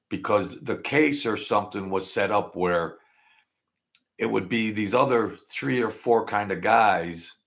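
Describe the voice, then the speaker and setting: This sixty-something man, host of his own channel, speaks with a fairly low, fairly bright voice. He wanders chattily through a relaxed monologue, poking fun at himself and laughing frequently.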